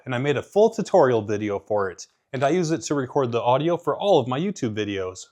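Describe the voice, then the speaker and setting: A man hosting a how-to video, reading a clear, explanatory voice-over recorded in a blanket vocal booth. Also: mid-range voice. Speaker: host of a how-to channel. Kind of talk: scripted voice-over narration.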